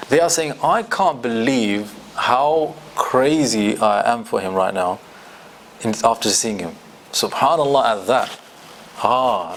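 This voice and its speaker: A man's voice: on the high side, a little hiss or hum. A man with a British accent teaching a Quran commentary class, explaining verses in English and reciting the Arabic between his points. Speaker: Islamic studies teacher.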